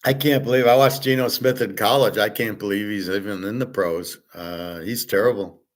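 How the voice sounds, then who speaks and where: A man's voice: fairly low pitch, moderate pace, low-quality recording. A middle-aged man hosting, talking in a blunt, opinionated, rambling way and swearing at times. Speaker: host. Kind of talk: casual rambling monologue.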